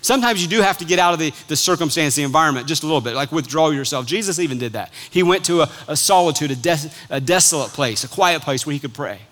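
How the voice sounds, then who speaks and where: A man preaching a sermon, stretching key words slowly and dropping to a soft, low close at the end of phrases. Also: expressive. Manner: emphatic, drawn-out phrases with sudden soft drops.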